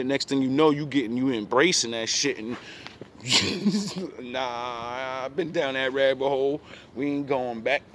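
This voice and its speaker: A man's voice: mid-range voice, fairly bright tone, slight background noise. A young man bluntly retelling a past relationship in profane street slang, casual storytelling.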